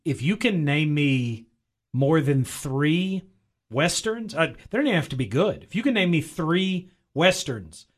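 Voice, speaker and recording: A man's voice: fairly high pitch, lively intonation, a little slow. A man co-hosting a film review podcast, chatting in a rambling, enthusiastic way. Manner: rambling and enthusiastic, with frequent fillers. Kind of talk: casual chat.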